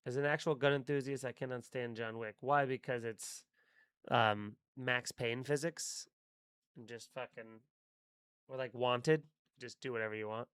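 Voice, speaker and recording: Excitable man chatting on a live stream. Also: mid-range voice, unhurried, smooth, no room sound. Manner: excitable, swears a lot, chats with viewers. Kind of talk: casual live-stream chat.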